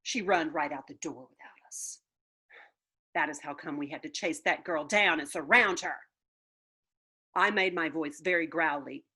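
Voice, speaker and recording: A woman reading a children's book aloud with playful, expressive storytelling. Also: deep voice, normal speed, pauses often, husky. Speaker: storybook reader.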